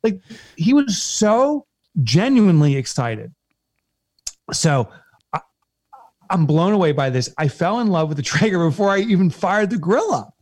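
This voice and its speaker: A man's voice: on the high side, animated, moderate pace, long pauses, darkish tone, no echo. A man co-hosting a casual business chat, telling an upbeat story with lots of energy. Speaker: business co-owner, podcast host.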